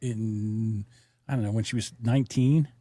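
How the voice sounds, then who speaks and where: A man's voice: lowish voice, steady tone, normal speed, dark tone, no echo. A man with a South Jersey Delco accent co-hosting a podcast, blunt and casual, swearing freely and laughing at himself. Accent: South Jersey Delaware County. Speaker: podcast co-host. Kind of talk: casual chat.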